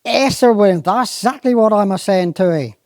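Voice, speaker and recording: A Cornish dialect performer voicing a slow-witted, apologetic old gamekeeper with a broad Cornish accent who talks hesitantly and roundabout. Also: male voice, high voice, a little mellow, no room sound, studio quality, natural voice.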